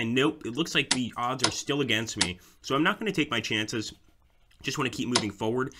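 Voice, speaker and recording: A man giving casual commentary over a strategy game, thinking aloud about his moves and talking to viewers as guys. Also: medium pitch. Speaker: let's play host. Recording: loud background noise.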